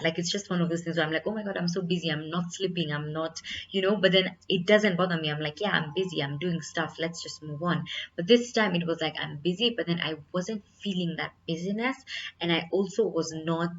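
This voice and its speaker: A woman's voice: on the low side, a bit bright, lo-fi sound. A young woman talking candidly in a casual vlog, earnest and reflective, full of "like" and "you know". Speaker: vlogger.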